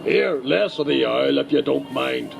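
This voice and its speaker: A gravelly old loyalist preacher. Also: male voice, mid-range voice, unhurried. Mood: brusque. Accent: Northern Irish. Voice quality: gravelly, gruff. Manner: blunt, crude and bombastic. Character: blustering older male Northern Irish loyalist preacher. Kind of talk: comedy sketch impression.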